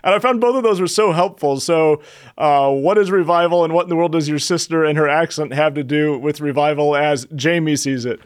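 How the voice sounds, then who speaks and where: A man's voice: on the high side, brisk, clean tone. A man hosting an interview, enthusiastic and prone to small stammers, reading quotes aloud from a guest's book. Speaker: interview host. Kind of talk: interview questions.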